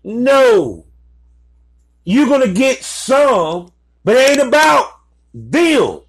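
Guy ranting with lots of swearing, high voice that swings all over, faint hiss. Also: sing-song, drawn-out words, slightly rough. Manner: profane, blunt, lecturing. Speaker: vlogger giving advice to content creators. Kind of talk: casual ranting commentary.

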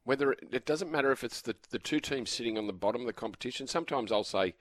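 A man's voice: mid-range voice, lively intonation, quick pace, no echo. An Australian man co-hosting a sports radio show in casual chat, often repeating words as he starts sentences. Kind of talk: casual studio banter.

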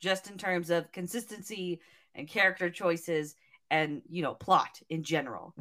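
A woman's voice: on the low side, a little slow, fairly bright tone. A woman with a Southern US accent co-hosting a podcast review, restarting her sentences as she earnestly picks at flaws. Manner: hesitant restarts, earnest nitpicking. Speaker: podcast co-host. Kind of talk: casual chat.

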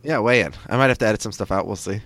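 Fast-talking, low-voiced male podcast host. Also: fairly bright tone, no room sound. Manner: quick, joking, digressive. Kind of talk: casual podcast chat.

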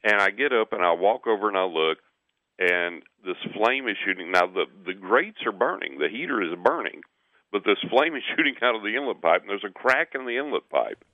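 A man with a very low voice tells a story and acts out the quotes, doubling words and laughing between phrases. The sound is thin and tinny, like a caller on a phone line to a radio show. His voice is dry and close. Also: very animated, brisk, dry recording. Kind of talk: animated personal storytelling.

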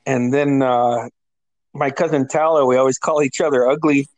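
A man's voice: mid-range voice, steady tone, moderate pace, darkish tone, dry recording, rough recording. A man in his forties from Alaska, telling a funny swear-laced story in a casual chat and laughing often as he goes. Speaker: podcast co-host.

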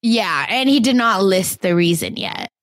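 A young woman with a light Indian accent, co-hosting a casual celebrity gossip podcast and chatting in an animated way with frequent laughs. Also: mid-range voice, measured pace, no echo. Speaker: podcast co-host.

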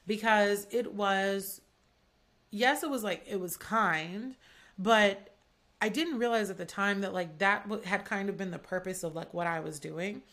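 Woman podcast host, young adult, casual monologue, gravelly fry, filler-heavy chatter. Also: medium pitch, a little slow, a bit bright. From Atlanta, USA. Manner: chatty, candid, heavy use of "like".

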